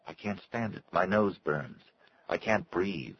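Man voicing a trapped old man, pleading, hushed, low voice. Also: expressive, unhurried, slightly rough, muffled recording, exaggerated voice.

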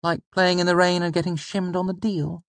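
A proud troupe boy with a raised, boyish pitch, as a deep-voiced male narrator puts him on. He speaks in sharp, indignant retorts, performed in a dry audiobook recording. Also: little pitch movement, moderate pace, dry recording. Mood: eager. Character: young boy, proud and bitter troupe child.

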